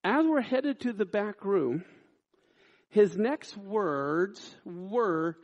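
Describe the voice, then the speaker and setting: A man preaching a sermon, reading scripture and telling a personal story in an animated way, acting out the people in it. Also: high voice, very slow. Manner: animated storyteller, acts out quoted lines loudly. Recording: dull lo-fi sound.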